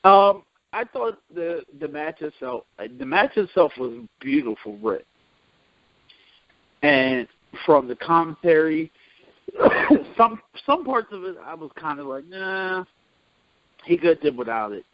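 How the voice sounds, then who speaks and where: A man's voice: a little high, big pitch swings, measured pace, dry recording. A man chatting casually as a podcast co-host, laid-back and hesitant, with many fillers. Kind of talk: casual chat. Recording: dry lo-fi recording.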